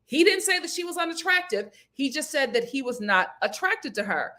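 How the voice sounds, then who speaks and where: Animated opinionated woman reviewing a show. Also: a little fast. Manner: animated and expressive, acts out quotes with big pitch jumps; talks straight to viewers, candid and opinionated. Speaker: host reviewing a reality show. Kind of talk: casual chat.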